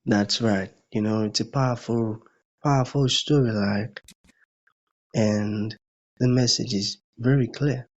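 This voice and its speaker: A man hosting an interview, who affirms his guest and asks measured questions. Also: on the low side, steady tone. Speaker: host. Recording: muffled lo-fi audio.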